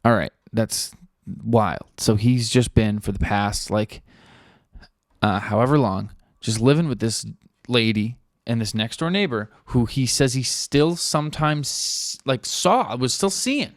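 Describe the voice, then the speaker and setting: A man's voice: mid-range voice, a little slow, dry recording, clean studio sound. A young man hosting a podcast, telling a story in casual, rambling talk full of fillers and swearing. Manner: loose, rambling, lots of fillers and profanity; acts out quoted people in a flat offhand voice. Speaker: podcast host.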